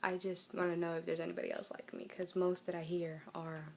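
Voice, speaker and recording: Soft-spoken young woman, low-pitched. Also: level tone, creaky, background noise. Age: young adult. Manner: soft-spoken, halting, emotional. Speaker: vlogger. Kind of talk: personal storytelling to camera.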